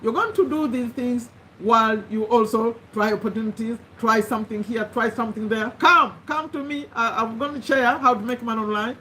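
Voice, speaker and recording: A woman's voice: a little high, a little fast, sharp tone, slight background noise. A woman hosting a motivational live stream, speaking in an earnest, encouraging way, repeating phrases and often restarting sentences.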